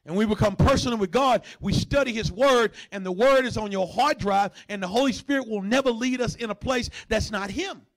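A man preaching a sermon, with a notably high voice for a man. He moves from chatty asides to loud, soaring bursts, and now and then growls to mimic a dog. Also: a little fast, few pauses. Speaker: pastor.

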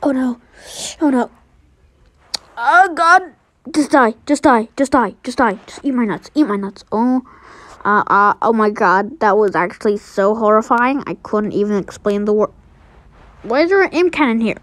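A young woman giving casual, excitable gameplay commentary, trash-talking and trailing off into mutters. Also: a little high, normal speed, dry recording. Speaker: game streamer.

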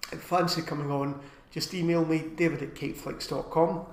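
Chatty man with a higher voice in an echoey room. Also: fairly even intonation. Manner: chatty, rambling, with filler pauses. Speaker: live stream co-host. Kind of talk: casual live stream chat.

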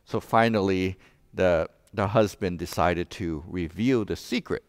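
A man preaching a sermon as pastor, telling a joke and then explaining scripture with animated rhetorical questions. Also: low voice, unhurried, no room sound, studio quality. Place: church sanctuary.

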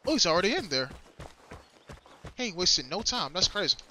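A man's voice: sits high, sing-song, fairly quick, background noise. A man livestreaming a shooter game, giving casual, slangy and profane commentary straight to his viewers and opponents and repeating his own phrases. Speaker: livestreaming gamer.

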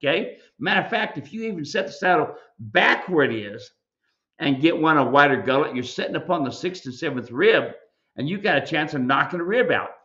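Emphatic, folksy male host lecturing on air, with a slightly high, forceful voice and dull, lo-fi audio. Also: animated, a little fast. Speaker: mule ranch owner and show host. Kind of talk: live video Q&A commentary.

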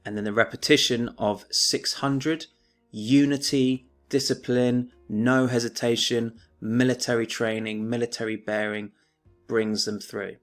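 A man teaching a remote lesson, reading a poem aloud in a measured, declaiming way and then explaining it plainly. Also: medium pitch, little pitch movement, faint music behind.

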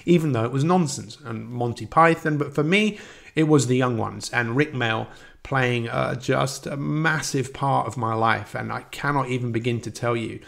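Male podcast host, earnest rambling monologue, gravelly, chuckles often. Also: medium pitch, moderate pace, fairly bright tone. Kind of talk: personal reflective monologue.

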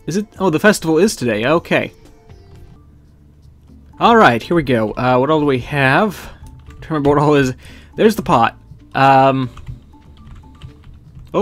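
A man casually commenting as he plays a farming game, reading the characters' lines aloud. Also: mid-range voice. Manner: reads in-game dialogue aloud, chatty. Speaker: gaming video host. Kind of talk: casual let's-play commentary. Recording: background game music.

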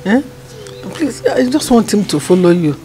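A woman's voice: mid-range voice, sing-song, normal speed, warm tone, lightly acted. An actress playing an older village mother who coaxes her son insistently. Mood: coaxing. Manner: coaxing, insistent pleading. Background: film score music.

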